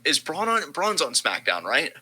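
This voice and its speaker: Bright, sarcastic young man ranting. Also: a little high, normal speed, slightly rough, rough recording. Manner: animated, sarcastic, swears freely. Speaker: podcast co-host. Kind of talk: casual wrestling commentary chat.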